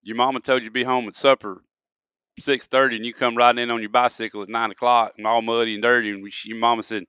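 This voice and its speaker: A man's voice: mid-range voice, level tone, fast talker, pushed and bright, smooth, no echo, clean studio sound. A man, a podcast guest, telling folksy stories and acting out examples in casual conversation. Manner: folksy storyteller, acts out examples. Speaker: guest, duck-calling expert. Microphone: studio podcast mic.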